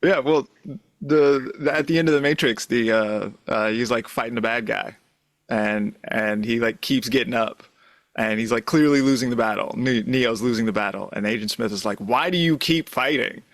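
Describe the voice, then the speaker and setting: A man's voice: medium pitch, steady tone, normal speed, no room sound. Male podcast co-host, dry sound, thinks aloud, hesitant and musing. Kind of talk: casual chat.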